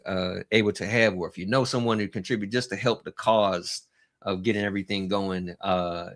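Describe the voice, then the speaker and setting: A man hosting a casual livestream, talking in a rambling, halting way and greeting chat viewers by name with chuckles. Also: lowish voice, a bit bright. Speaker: livestream host.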